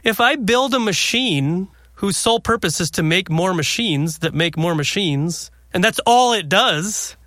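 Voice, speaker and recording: A man's voice: high voice, lively intonation, unhurried, few pauses, sharp tone, no echo, studio quality. A man in casual conversation about faith, telling a story and laughing often.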